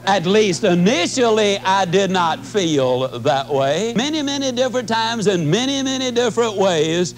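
A man in his fifties giving a motivational talk in a folksy, animated storytelling manner. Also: high-pitched, slight background noise. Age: 50s. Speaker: motivational speaker.

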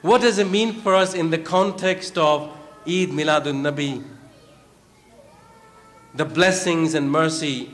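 A man's voice: on the high side, a little slow, long pauses, fairly bright tone. A man preaching a sermon, chanting verses and then explaining them, repeating phrases for emphasis. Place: large hall at a religious gathering. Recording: long hall reverb.

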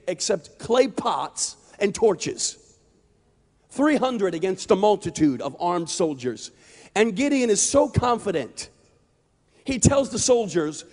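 Impassioned high-voiced preacher man. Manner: impassioned, building to shouts. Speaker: evangelist preacher. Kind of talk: sermon. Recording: long hall reverb.

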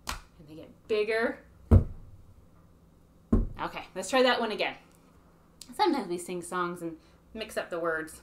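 A woman's voice: fairly low pitch, lively intonation, a little slow, long pauses, slight background noise. A woman from Canada leading young children through simple songs and rhymes, chatting to them between verses. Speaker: early years program leader. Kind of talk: children's song and rhyme circle. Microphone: webcam or phone.

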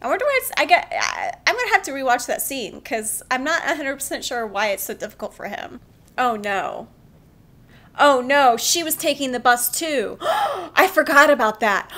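A woman hosting a drama reaction video, excitable and emotional, laughing and gasping often. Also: high voice, moderate pace. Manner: emotional, near tears. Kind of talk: casual drama reaction commentary.

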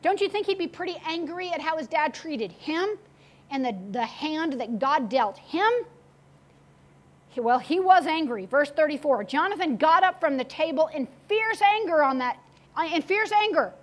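A woman pastor preaching a sermon, retelling a story with animated, acted-out quotes. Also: sits high, normal speed.

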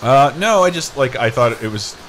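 A man's voice: mid-range voice, lively intonation, moderate pace, a bit bright, a little hiss or hum. A man co-hosting a live reaction chat, making dry, mumbled asides. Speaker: podcast co-host.

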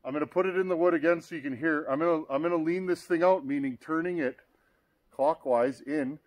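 A plain-spoken man walks viewers through a hands-on repair, calling them "guys" and talking straight to them. His voice sits a touch higher than most men's. At times he pushes it louder, as if over a running engine. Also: a little fast. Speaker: chainsaw repair demonstrator. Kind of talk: hands-on workshop demonstration.

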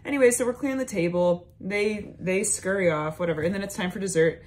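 Over music playing in the background, a woman comedian tells a story in stand-up style, sassy and campy. She talks fast in a medium-pitched, darkish voice, stretching words out for emphasis.

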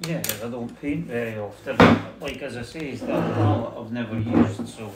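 An older man giving short, modest answers, speaking quietly. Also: mid-range voice, moderate pace, very noisy. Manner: quiet, modest, brief replies. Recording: distant echoey room.

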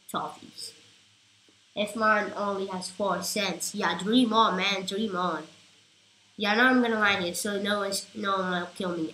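A woman chatting through live gameplay commentary, rambling and getting excitable at big moments. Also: mid-range voice, reverberant, slight background noise, rough recording. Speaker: gaming YouTuber.

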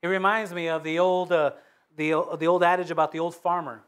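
A man preaching a sermon, reading scripture aloud and swinging between loud fervent peaks and low hushed asides. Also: level tone, a little fast, clear, resonant tone. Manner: reads scripture in King James wording with emphatic repetition.

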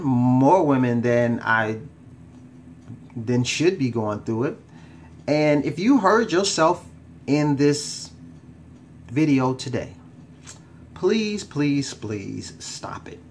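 A man coaching his viewers on relationships in a casual, emphatic way, his pitch sitting in the middle range for a man. He leans on repetition to drive points home and slips into easygoing slang. A faint hum of background noise runs underneath. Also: expressive, slow pace, pauses often. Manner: emphatic, repeats words for stress, casual slang. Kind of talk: direct-to-camera advice talk.

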